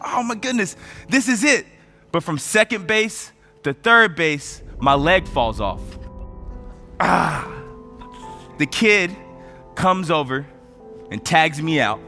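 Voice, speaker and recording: High bright-voiced man giving an energetic speech. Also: unhurried, soft background music. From United States. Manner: energetic storytelling, voice rising with emotion. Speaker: motivational speaker. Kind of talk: motivational speech.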